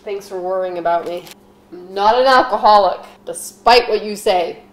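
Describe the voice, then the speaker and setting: A young comedic baking host, speaking at medium pitch and a moderate pace, rambles through an offbeat monologue in her home kitchen. She adds jokey asides and mimics the people she quotes. The recording has kitchen echo and faint noise.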